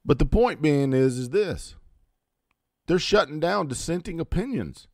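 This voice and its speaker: A man's voice: a little high, animated, unhurried, no room sound, studio quality. Blunt, profane man in his fifties ranting. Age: 50s. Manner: sarcastic asides. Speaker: host. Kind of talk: political rant to camera.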